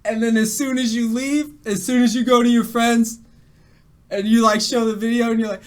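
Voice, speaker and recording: A man's voice: very high voice, level tone, normal speed. A young man streaming games, his voice shaky after crying, telling a rambling story to his chat with laughs and restarts. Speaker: game streamer. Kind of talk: casual storytelling to a live chat.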